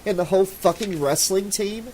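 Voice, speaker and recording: A man voicing a frightened, bitter teenage girl in an audiobook, his pitch raised and strained. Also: moderate pace, darkish tone, slight background noise, close to an everyday voice, poor audio. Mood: distraught.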